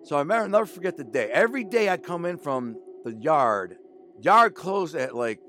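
A man's voice: a little high, big pitch swings, fairly quick, pushed and bright, slight background noise. A man in his forties telling a candid personal story in casual, slangy speech, quoting the people involved. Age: 40s. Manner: casual, slangy, emotional retelling with quoted dialogue.

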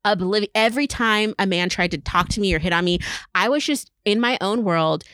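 A woman's voice: medium pitch, fairly quick, dry recording, studio quality. A woman around forty, co-hosting a podcast in casual chat, telling stories animatedly with many "like" fillers. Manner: animated storyteller, acts out quotes, many "like" fillers. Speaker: podcast co-host.

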